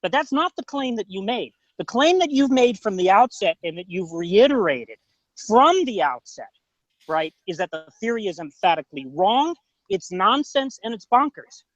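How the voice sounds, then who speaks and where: A man arguing hard and interrogating his opponent, his pitch swinging widely as he presses each point. The sound is dull and lo-fi, with no room echo at all. He keeps hammering the same question and tacks a "right?" onto his claims. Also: very animated, normal speed. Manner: insistent, interrogating, repeats "right?". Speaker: debater defending a theory. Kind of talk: heated online debate.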